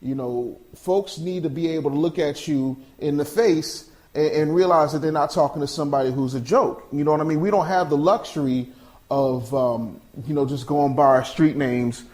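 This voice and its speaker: A brash male podcast host who talks business straight and in your face, with streetwise slang. His voice sits a little high for a man. He moves between casual chat and punchy ad reads. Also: normal speed, a little mellow.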